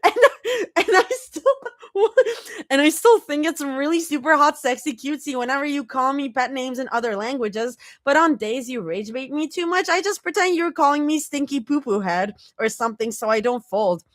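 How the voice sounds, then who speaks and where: Woman doing a squeaky, flustered young woman. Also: moderate pace, dry recording, studio quality, close to an everyday voice. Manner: high, loud, stammering outbursts.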